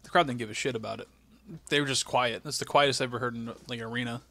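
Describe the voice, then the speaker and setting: A man co-hosting a podcast, recapping things in an animated, quick way in casual chat. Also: medium pitch. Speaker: podcast co-host.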